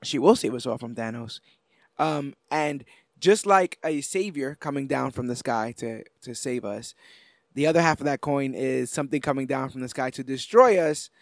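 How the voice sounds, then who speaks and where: A man co-hosting a casual comic-book podcast, chatting in an animated way and acting out the lines he retells. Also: mid-range voice, normal speed, no echo, clean studio sound. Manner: animated, acts out quoted characters. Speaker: podcast co-host. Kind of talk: casual chat.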